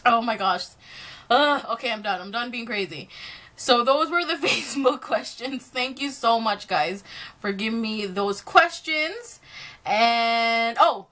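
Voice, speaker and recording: A woman's voice: a little high, expressive, unhurried, pushed and bright. A young woman answering fan questions in a casual vlog, chatty and self-deprecating, often breaking into laughter.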